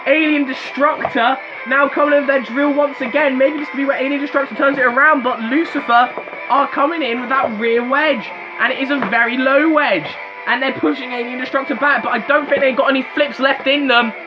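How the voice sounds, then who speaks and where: A man calls a robot fighting match in a high, bright register, excitable and quick to exclaim. The audio is dull and lo-fi, with music running under his voice. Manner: excitable, rising to exclamations at big hits. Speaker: tournament commentator. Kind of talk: play-by-play commentary.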